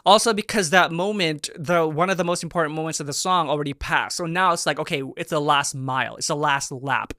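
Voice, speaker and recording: A young man hosting a reaction video, excitable and gushing, breaking into bursts of shouting and laughter as he breaks down a dance performance. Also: on the high side, fairly quick, hardly any pauses, no room sound, clean studio sound, faint music behind. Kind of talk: animated reaction commentary.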